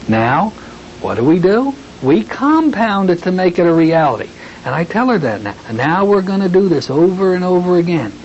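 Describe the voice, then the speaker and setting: A man explains hypnosis technique to trainees in an easygoing, folksy lecture, easing into a slow, soothing delivery when he acts out his suggestions. The recording is dull and lo-fi, with a faint hiss under the voice. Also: high voice, very animated, darkish tone. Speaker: hypnotherapy instructor.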